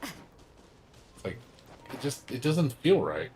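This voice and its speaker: A man's voice: mid-range voice, huge pitch swings, slow, darkish tone, slight background noise. A young man chatting casually on a game livestream, rambling with lots of fillers, emphatic and swearing now and then. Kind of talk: casual gaming stream chat.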